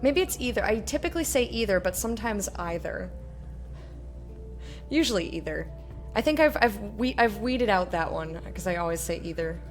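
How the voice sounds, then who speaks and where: A woman's voice: medium pitch, lively intonation, moderate pace, soft background music. A woman streamer giving casual, rambling, self-mocking commentary while playing a game. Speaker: let's play streamer.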